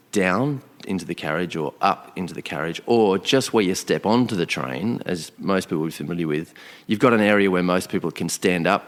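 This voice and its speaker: A man telling a long story in a casual, animated way, acting out the quoted thoughts of the people in it. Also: sits low. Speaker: podcast guest. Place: outdoor location.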